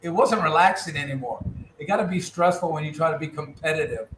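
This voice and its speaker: A man's voice: on the high side, fast talker, a bit bright. A man running for governor, with a Californian accent, answering interview questions bluntly and with passion. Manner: blunt, impassioned, emphatic. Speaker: political candidate. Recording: echoey room with faint noise.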